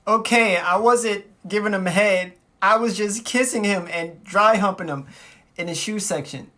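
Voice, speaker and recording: A man's voice: sits high, measured pace, sharp tone, voice pushed up. A man voicing his young girlfriend as she makes flustered, pleading excuses in a storytime video. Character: lying young girlfriend, defensive. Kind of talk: storytime impression.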